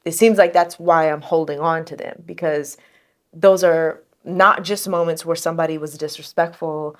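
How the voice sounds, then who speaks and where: A young woman co-hosting a podcast in casual chat, telling stories with lively acted-out quotes. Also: low-pitched, moderate pace. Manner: animated storytelling, acts out quoted exchanges. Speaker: podcast co-host.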